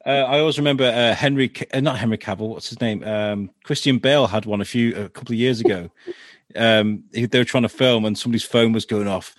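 A British man hosting a podcast, relaxed and affirming, telling anecdotes in casual chat. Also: fairly low pitch, quick pace, no echo, clean studio sound. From Britain. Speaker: podcast host.

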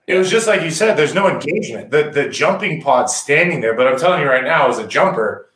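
Animated man with roomy echo. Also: fairly high pitch. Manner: animated, acts out players' talk in quick voices. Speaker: rugby analyst, former captain. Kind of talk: casual sports podcast analysis.

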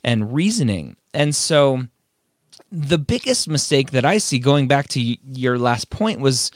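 A man's voice: mid-range voice, very animated, measured pace, dry recording, studio quality. A man hosting an advice podcast, talking casually and emphatically, driving points home with strings of rhetorical questions. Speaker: podcast host and admissions advisor.

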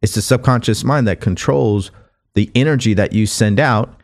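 In a motivational monologue, a coach hosting a podcast talks earnestly and conversationally at normal speed, his voice on the low side, repeating phrases as he goes.

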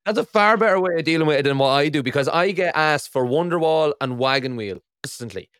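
A man's voice: fairly high pitch, lively intonation, quick pace, fairly bright tone, clear, resonant tone, dry recording. An Irish man in his early thirties, hosting a podcast in casual chat, swearing freely and laughing at his own stories over a remote call. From Ireland. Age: early 30s. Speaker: podcast host.

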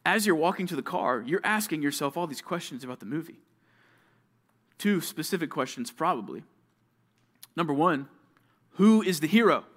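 A young man preaching to junior high students, telling stories and acting out short scenes, with sudden swings from loud to hushed. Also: lively intonation, moderate pace, long pauses. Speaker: youth pastor. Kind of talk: youth sermon.

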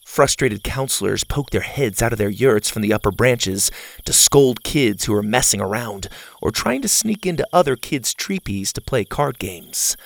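A man narrating a children's adventure story in a lively storytelling manner. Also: medium pitch, moderate pace, vocal fry.

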